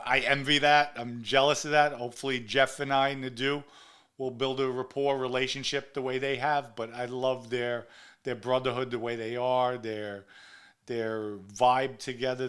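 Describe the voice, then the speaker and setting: A man's voice: mid-range voice, a bit bright. A man hosting a casual live chat show, talking emphatically and repeating words for stress. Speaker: livestream host.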